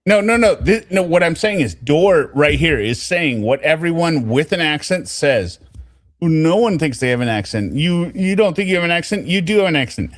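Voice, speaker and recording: A man's voice: on the high side, animated, moderate pace, no echo, studio quality. A man from the US West Coast hosting a stream, arguing playfully and laughing. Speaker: stream host. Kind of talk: casual chat on a stream.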